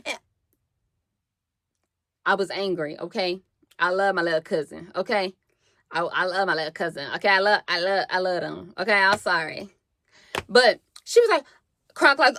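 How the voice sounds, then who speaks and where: A young woman telling a story on her vlog, animated and slangy with plenty of swearing, acting out what people said. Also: mid-range voice, measured pace, long pauses, dry recording. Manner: animated, slangy and profane, acts out quotes. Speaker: vlogger.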